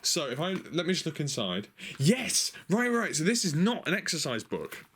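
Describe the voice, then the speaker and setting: A man in casual chat as a vlogger, excitable, thinking aloud, exclaiming and swearing now and then. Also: a little high, normal speed, slight background noise. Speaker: vlogger showing stationery.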